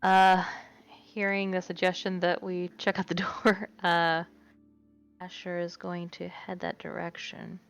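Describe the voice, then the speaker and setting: A woman's voice: fairly low pitch, monotone, a little slow, gravelly, clean tone, faint music behind. A woman playing a tabletop game, describing her character's moves in an easygoing, self-correcting way. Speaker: player.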